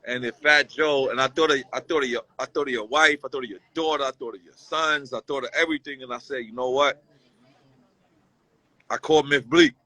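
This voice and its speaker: Bright-voiced man telling an emotional story. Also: medium pitch, fairly quick, low-quality recording. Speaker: guest. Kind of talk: casual heartfelt conversation.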